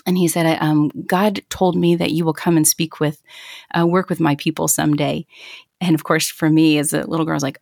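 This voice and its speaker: A woman's voice: low-pitched, fairly even intonation, normal speed, vocal fry, darkish tone, no echo, clean studio sound. A woman in her thirties sharing a personal faith story in an interview, earnest and reflective, often restarting her sentences. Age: 30s. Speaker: guest.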